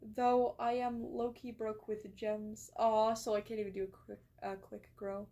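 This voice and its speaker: Young woman streamer from England, higher voice, loose and chatty, swears casually. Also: little pitch movement, measured pace, mellow, muffled recording. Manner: chatty, rambling, swears and laughs easily. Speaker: streamer reading chat. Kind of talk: casual live-stream chat.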